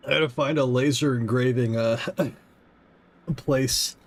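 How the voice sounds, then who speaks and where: A man's voice: medium pitch, steady tone, measured pace. A young man streaming a game, chatting casually and rambling with his viewers. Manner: rambling, chatty, laughs often.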